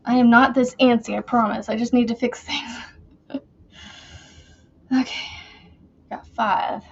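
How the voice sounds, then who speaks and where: A woman's voice: a little high, steady tone, measured pace, gravelly, slightly rough, highs cut off. A woman hosting a casual crochet livestream from her chair at home, chatty and giggly, a bit out of breath as she talks to viewers. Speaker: crochet channel host.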